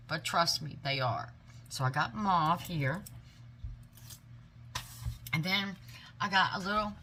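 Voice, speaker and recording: A woman's voice: fairly low pitch, bright, forceful tone, slight background noise. A woman hosting a casual product review video, chatting enthusiastically to her viewers. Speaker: haul video host.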